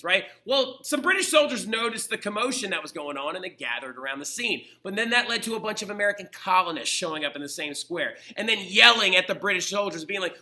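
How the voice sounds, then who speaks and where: Male teacher, casual lecture; high, very bright voice; chatty, keeps checking in with "right?". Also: very animated, a little fast.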